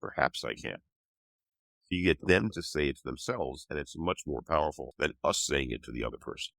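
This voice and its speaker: A man's voice: extremely low pitch, lively intonation, fairly quick, vocal fry, a bit bright, dry recording. An older man with a cold, patiently explaining ideas as a guest author in an interview. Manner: patient, teaching tone. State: has a cold.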